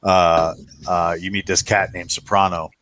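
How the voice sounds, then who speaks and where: A man's voice: deep voice, flat delivery, a little slow, fairly bright tone. A man hosting a podcast in casual chat, talking in a loose, rambling way with restarts and slang. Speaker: podcast host.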